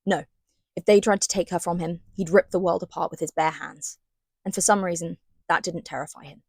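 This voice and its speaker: A woman's voice: on the low side, a little fast, husky, no room sound. Chatty sarcastic woman recapping a book. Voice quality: animated, sarcastic, rambling. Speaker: book reviewer. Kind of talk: casual chat, comic book recap.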